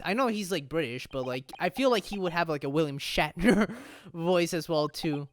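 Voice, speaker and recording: A woman's voice: fairly low pitch, expressive, moderate pace, few pauses. A woman giving casual, rambling let's-play commentary, often laughing. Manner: giggly, rambling. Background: game music.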